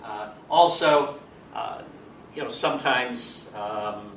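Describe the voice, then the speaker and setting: A man teaching a grammar lesson in a relaxed, explanatory way with frequent fillers, recorded from a distance. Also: medium pitch, slow. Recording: roomy, distant mic, faint background hiss.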